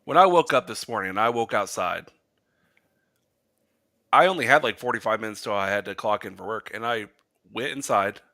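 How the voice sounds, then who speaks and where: A man co-hosts a fan podcast in a bright, forceful voice that sits somewhat low. He is animated and jokey, and throws in casual swearing as he talks. His delivery stays loose and conversational. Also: normal speed, pauses often. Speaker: podcast co-host. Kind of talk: casual sports podcast chat.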